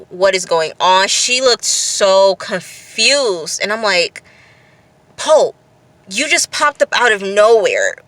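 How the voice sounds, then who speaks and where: A woman talking through a TV episode in an unscripted casual recap, expressive and repetitive, laughing at times. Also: mid-range voice, no room sound. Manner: expressive, repeats phrases, breaks into laughs. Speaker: TV review vlogger.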